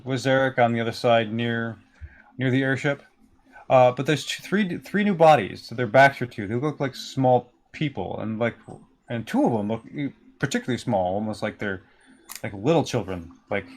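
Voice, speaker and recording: A male game master narrating a tabletop fantasy scene in a loose, rambling way. His voice sits at an ordinary mid pitch and he pads his descriptions with fillers. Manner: relaxed, rambling, full of fillers.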